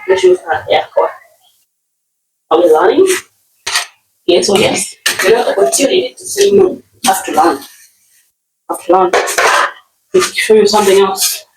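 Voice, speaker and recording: A Kenyan woman teaches household words at home, her voice swooping up and down in a lively way with a gravelly edge. She repeats each word and keeps checking in with "okay?". The mic sits some way off, so the sound is roomy. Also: medium pitch, recorded from a distance, slight background noise. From Nyeri, Kenya. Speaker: language teacher. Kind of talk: casual vocabulary lesson.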